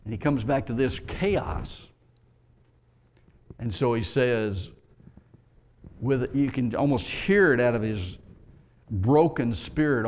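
A man preaching a sermon, retelling a scripture passage and rising in pitch and force as he pleads. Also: lively intonation, slow pace, pauses often, a little mellow. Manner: storytelling, reads scripture aloud, rises in pitch and force when pleading.

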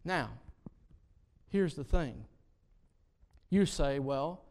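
A man preaching a sermon, retelling stories and building to repeated emphatic lines, his loudness rising and falling. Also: on the high side.

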